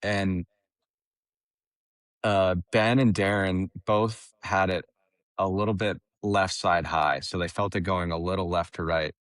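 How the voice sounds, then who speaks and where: Young man telling a story, deep voice. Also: unhurried, no echo, studio quality. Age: young adult. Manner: animated, laughs often, restarts phrases. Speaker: caddie, podcast guest. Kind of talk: casual storytelling interview.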